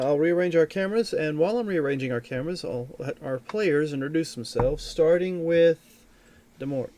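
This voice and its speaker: A man's voice: fairly high pitch, mellow, slight background noise. Chatty man hosting as game master. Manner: chatty, rambling, self-correcting. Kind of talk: casual live-stream chat and announcements.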